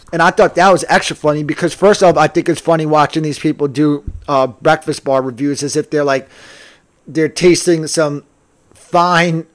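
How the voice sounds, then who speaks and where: A young man with a New Jersey accent, rambling through a casual solo podcast monologue full of fillers and swearing. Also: on the high side. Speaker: podcast host.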